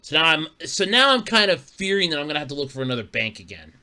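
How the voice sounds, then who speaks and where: A fast-talking man with a slightly high, smooth, bright and forward voice rambles from story to story on his solo podcast. His pitch swings widely, and he curses casually and chuckles often as he chats.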